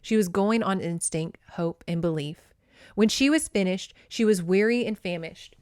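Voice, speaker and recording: A woman hosting a podcast, recapping a romance novel in an excitable, profane and chatty way, and reading passages aloud. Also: medium pitch, normal speed, no room sound, studio quality. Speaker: podcast host. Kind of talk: casual book recap with read-aloud passages.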